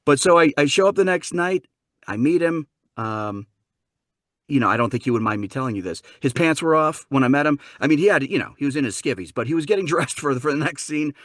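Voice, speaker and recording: A man from Wisconsin in a lively interview, telling a story with a voice that swings up and down. The sound is close and dry, with no room around it, and he acts out the people in his story. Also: on the high side, fast, no echo. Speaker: guest, dialect coach and narrator. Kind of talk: animated storytelling in a chat.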